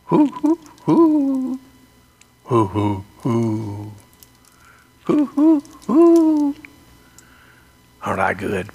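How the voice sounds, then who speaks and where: A man telling a gentle, reflective devotional story, sometimes dropping into a whisper. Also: medium pitch, creaky, breathy edge.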